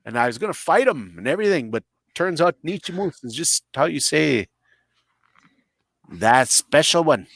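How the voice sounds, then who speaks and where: A man's voice: fairly high pitch, sing-song, moderate pace, vocal fry, fairly bright tone, slightly rough, no room sound. A man on a podcast, telling crude comic stories in a blunt, boisterous, self-mocking way and swearing often. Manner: boisterous, swears a lot, acts out voices in stories. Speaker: podcast guest.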